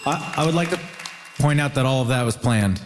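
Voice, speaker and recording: A man's voice: medium pitch, expressive, fairly quick. A man from Ontario, a comedian doing wry, rambling bits on a theatre stage. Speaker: comedian, debate contestant. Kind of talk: stand-up comedy bit. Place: theatre stage before a live audience. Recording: live hall with crowd noise.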